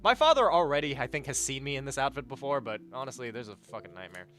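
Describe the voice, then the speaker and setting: A young adult man streaming live, chatting casually with viewers in a rambling, profane, animated way. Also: medium pitch, quick pace. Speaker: livestreamer.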